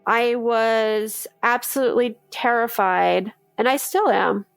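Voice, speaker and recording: A woman's voice: a little high, slow, creaky, clean tone, dry recording, faint music behind. A woman, a mother, telling her own story in a podcast, candid and emotional, acting out the lines of the people she talks about. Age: adult, mother of a daughter. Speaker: interviewee recounting her experience. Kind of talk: personal testimony in a true-crime podcast.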